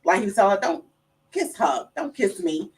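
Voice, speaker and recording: Animated mother telling stories, distant mic. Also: normal speed. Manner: animated storyteller who acts out quotes in a high voice. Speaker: guest, mother of the late artist. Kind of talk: casual storytelling. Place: studio.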